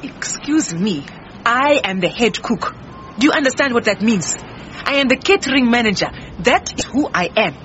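An actress playing an indignant, defensive head cook in a radio drama. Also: female voice, a little high, animated, moderate pace, a bit bright, dull audio, slight background noise. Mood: brusque. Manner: brusque, indignant.

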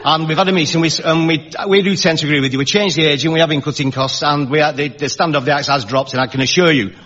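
A man's voice: a little high, steady tone, fast talker, a bit bright, dull audio. A man voicing a fussy middle-aged male concert secretary making pompous, repetitive announcements. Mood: officious.

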